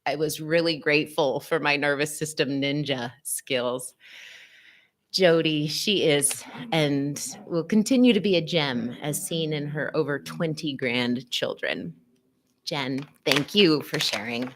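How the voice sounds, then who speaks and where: A woman who is a physical therapist and psychotherapist, hosting a live-stream wellness talk, greeting viewers and reading their comments aloud in an expressive way that swings between soft and emphatic. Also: low voice, slow.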